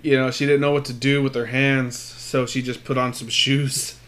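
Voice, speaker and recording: A man's voice: medium pitch, flat delivery, moderate pace, fairly bright tone. A man telling a rambling story in casual chat, swearing a lot and acting out what people said. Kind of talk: casual chat between friends.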